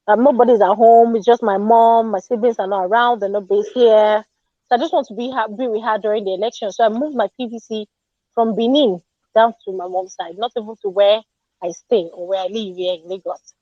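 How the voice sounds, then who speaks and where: Animated Nigerian woman telling an indignant story. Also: a little high, dry recording, lo-fi sound. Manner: animated, indignant, mixes Pidgin. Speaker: Twitter Space speaker. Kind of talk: casual storytelling rant.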